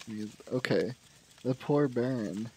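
A man's voice: medium pitch, slow pace, mellow, slight background noise, rough recording. A man casually narrating his own video game play, musing aloud with fillers and trailing off.

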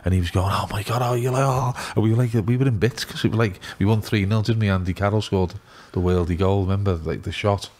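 A middle-aged man with a thick Liverpool accent spills out stories in an excitable, rambling rush. His voice sits very low and his words tumble out quickly, as he chats casually on a podcast. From England. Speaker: youth football scout.

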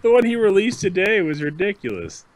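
Guy on a home podcast, kinda high voice, jumps all over in pitch, laughs a lot. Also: fairly quick, a little hiss or hum. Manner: animated, laughs often, jokey. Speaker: podcast co-host. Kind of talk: casual chat.

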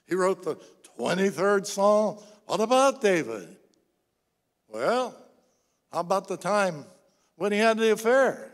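High-voiced preacher in a reverberant church. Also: male voice, measured pace. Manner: animated storytelling, acts out quoted voices. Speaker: pastor. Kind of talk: sermon. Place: church sanctuary. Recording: long hall reverb.

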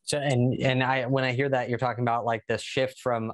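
A man's voice: medium pitch, level tone, normal speed, hardly any pauses. Upbeat man hosting an interview. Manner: upbeat, conversational, asks long questions. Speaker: podcast host, interviewer. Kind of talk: casual interview talk.

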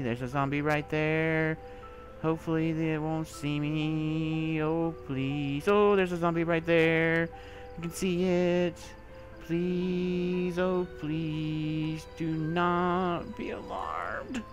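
A young man giving let's play commentary, talking to himself and breaking into panicked shouts, over faint game music. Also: on the high side, fairly even intonation, slow pace. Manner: jumpy, talks to himself, bursts into panicked shouts. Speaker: gaming video creator.

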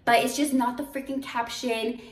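A woman's voice: fairly high pitch, normal speed, distant mic. Chatty young woman vlogging in an echoey room. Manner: chatty, animated storytelling with fillers. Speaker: boutique owner vlogger. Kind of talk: casual vlog chat. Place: her boutique store, indoors.

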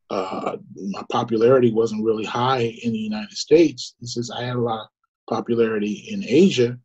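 A man's voice: mid-range voice, dark tone, slightly rough. A middle-aged man giving an earnest, conversational personal testimony, full of fillers and restarts. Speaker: guest storyteller. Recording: muffled lo-fi recording.

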